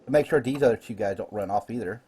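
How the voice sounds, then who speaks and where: A man's voice: on the low side, fast talker, dark tone, a little hiss or hum. A man running a live online tabletop game as dungeon master, chatty and explaining rules with fillers.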